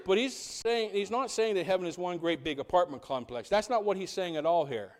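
A man's voice: high voice, lively intonation, a little fast. A man preaching a sermon in a church, full of rhetorical questions and building emphasis. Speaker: pastor. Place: church sanctuary.

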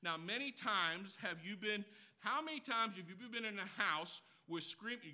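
A male pastor preaching with a very high, piercing, sharply bright voice. He swings from loud, emphatic declarations to hushed, low asides. He counts off his points one by one and puts questions straight to the congregation. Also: lively intonation, moderate pace. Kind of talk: sermon.

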